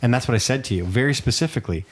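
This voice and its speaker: A man's voice: mid-range voice, lively intonation, racing, slightly rough. A man co-hosting a casual couple's podcast, answering his partner with dry, defensive retorts. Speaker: podcast co-host.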